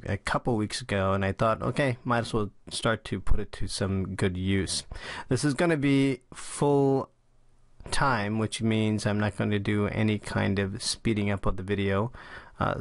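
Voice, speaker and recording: A man with a lowish voice walks viewers through a drawing tutorial in a casual, chatty way. He pauses often on "uh" as he sketches. The sound is close and dry, with no room around it. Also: creaky, no echo. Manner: casual and chatty, with frequent "uh" fillers. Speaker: drawing channel host. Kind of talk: tutorial talk while sketching.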